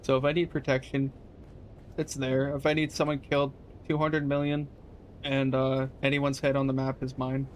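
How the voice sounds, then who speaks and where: A man's voice: mid-range voice, completely flat delivery, moderate pace, a little hiss or hum. A young man casually chatting to his viewers during a live game stream, loose and profane, answering chat questions. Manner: laid-back, swears casually, talks to chat.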